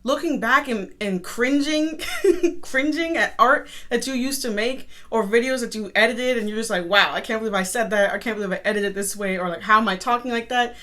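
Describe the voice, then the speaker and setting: A young woman and artist talking to camera in a casual, upbeat motivational vlog, chatty and quick to laugh. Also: sits high, fairly bright tone. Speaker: artist and content creator.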